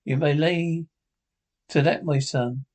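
A man's voice: a little high, fairly even intonation, slow pace, a little mellow. Long John Silver, a swaggering old pirate, voiced by a man. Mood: scornful. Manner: rough sailor dialect, swaggering. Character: cunning boastful old pirate quartermaster, man.

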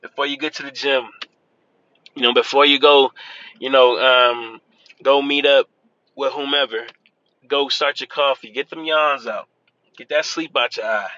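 A man's voice: mid-range voice, steady tone, a little slow, long pauses, sharp tone, no room sound. A man talking casually to his viewers, loose and chatty, often saying "man" and "y'all". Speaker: vlogger. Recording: dull lo-fi sound with faint vehicle noise.

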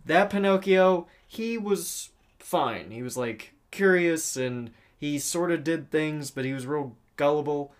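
Podcast co-host, casual movie chat, rambling, profane, halting restarts. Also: mid-range voice.

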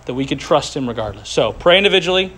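A man's voice: a little high, expressive, quick pace, a bit bright, husky. Earnest male pastor preaching. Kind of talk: sermon. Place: room with tables, group gathering.

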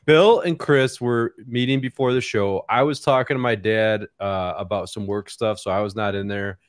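A man's voice: fairly low pitch, steady tone, moderate pace, smooth, no echo. A man hosting a podcast, steering the casual chat and calling the others to order. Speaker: podcast host.

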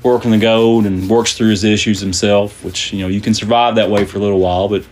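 A man's voice: fairly low pitch, fairly even intonation, fast talker, darkish tone, a little hiss or hum. A man hosting a podcast, chatting casually and rambling with many fillers and restarts. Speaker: podcast host. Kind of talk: casual joke-telling chat.

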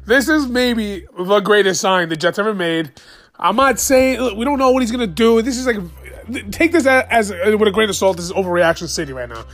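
A man hosting a solo sports fan podcast late at night, excited, profane and rambling as he rants. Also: sits high, fairly quick. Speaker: podcast host.

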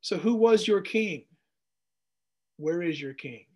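A man in his thirties teaching verse by verse through scripture in a jokey, animated way, acting out the quotes. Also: high voice, takes it slowly. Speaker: Bible teacher.

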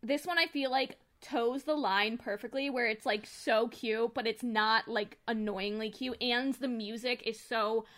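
Woman co-host for a casual music chat podcast: high, bright and animated, laughs loudly, swears freely. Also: unhurried, hardly any pauses.

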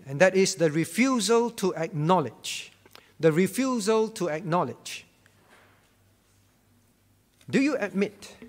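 A man's voice: sits high, in a large hall. A man preaching a sermon as pastor, emphatic, repeating his key phrases and putting questions to the congregation. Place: church.

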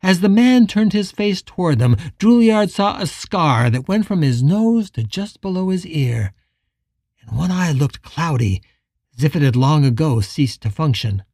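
A man reading a western novel chapter aloud as an audiobook narrator, measured and dramatic. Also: a little high, animated, darkish tone, no echo, studio quality. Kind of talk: scripted narration.

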